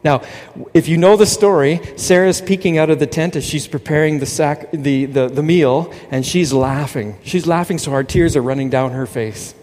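A man preaching a sermon, animated and quoting scripture with emphasis. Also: on the high side, normal speed, long reverb tail. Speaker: pastor.

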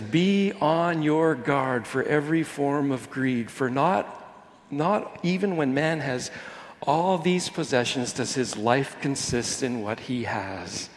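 A man preaching a Sunday sermon in a church, talking conversationally with jokey asides and restarts. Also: medium pitch. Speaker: pastor. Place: church hall during a Sunday morning service. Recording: long hall reverb.

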